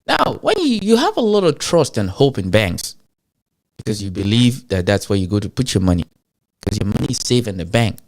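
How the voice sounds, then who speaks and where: A man's voice: lowish voice, big pitch swings, fairly quick. Guy with an african accent ranting at his viewers, voice jumping all over, keeps asking questions back at them. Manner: rhetorical questions, asks the audience, emphatic. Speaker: show host. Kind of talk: animated ranting commentary.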